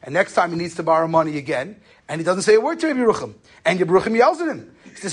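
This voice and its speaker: A man's voice: high-pitched, big pitch swings, rapid-fire, slightly rough. A man giving a conversational Torah lesson on Jewish law, telling stories and using Yiddish and Hebrew terms. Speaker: rabbi lecturer.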